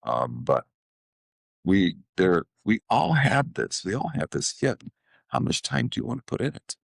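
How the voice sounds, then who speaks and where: Very deep gravelly man in his seventies. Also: huge pitch swings, a little slow, no room sound. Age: 70s. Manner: rambling, restarts often, acts out quoted dialogue. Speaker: guest, author and motivational speaker. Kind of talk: casual storytelling interview.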